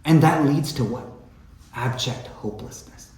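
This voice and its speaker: A man's voice: mid-range voice, unhurried, darkish tone, reverberant, poor audio. A man giving an impassioned lecture on poetry and faith, often asking his listeners "right?", and growing emotional. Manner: impassioned, tag questions "right?". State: emotional, clearing throat. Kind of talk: religious study lecture.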